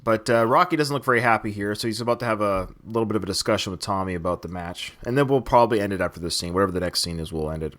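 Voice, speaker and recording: A man's voice: fairly low pitch, racing, hardly any pauses, fairly bright tone. A man hosting a podcast, chatting casually about a film, laughing often and quoting lines from it. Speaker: podcast host.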